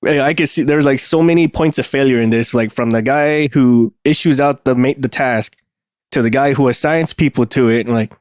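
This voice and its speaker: A man's voice: mid-range voice, no echo, studio quality. A man co-hosting a casual podcast, agreeing readily with short replies before reflecting at length. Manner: agreeable, chimes in with quick "right"s, then reflects at length. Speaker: podcast co-host. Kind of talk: casual conversation.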